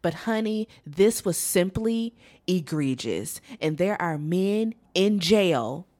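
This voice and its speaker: A woman co-hosting a podcast, ranting in a sassy, profane, animated way about a reality show. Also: lowish voice, slow pace. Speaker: podcast co-host. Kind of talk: casual chat.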